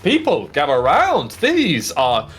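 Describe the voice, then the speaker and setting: A man's voice: fairly high pitch, huge pitch swings, takes it slowly, fairly bright tone, husky, pitched above the performer's own voice, exaggerated voice. A man voicing a proud, boastful bearded dwarf heir who declaims grandly.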